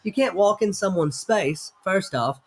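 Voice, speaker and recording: A man's voice: sits high, animated, unhurried, husky. A man hosting a casual chat, telling a rambling, profane, self-mocking story. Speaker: host.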